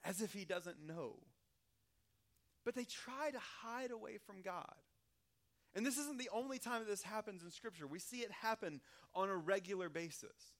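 High-voiced male pastor, conversational sermon. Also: animated, normal speed, fairly bright tone. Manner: conversational, humorous storytelling.

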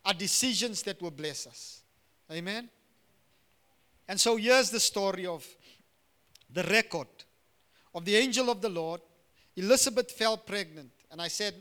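High, bright-voiced preacher man. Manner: preaching with swings from hushed to loud, asking "Amen?". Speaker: pastor. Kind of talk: sermon.

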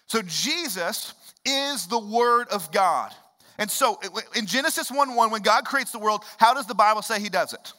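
A man in his thirties preaching a sermon in a church, swinging from loud emphatic bursts to low hushed lines. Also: lively intonation, normal speed, big-room sound. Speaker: pastor. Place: church sanctuary.

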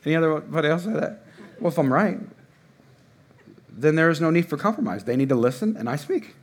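A man in his thirties preaching a sermon in a church, casual and conversational with sudden loud bursts. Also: fairly high pitch, lively intonation, fast talker, husky. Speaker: pastor. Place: church hall before a congregation.

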